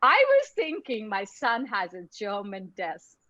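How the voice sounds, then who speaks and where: A woman recounts her own story in a web lecture over a video call mic, stumbling and repeating words. She has a medium pitch with huge pitch swings and a bright, forceful tone, in lo-fi sound with no room sound.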